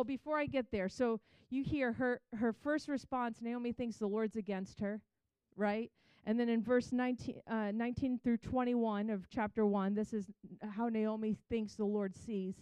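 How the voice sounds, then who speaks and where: A woman's voice: a little high, darkish tone, clean tone, dry recording. A woman giving a chatty, conversational Bible teaching, retelling scripture in her own words.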